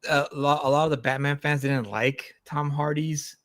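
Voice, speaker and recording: A man's voice: fairly high pitch, normal speed, no echo, clean studio sound. A man hosting a live stream, chatting casually with restarts and easy laughter. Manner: relaxed, laughing, frequent restarts and fillers. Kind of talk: casual chat about comics.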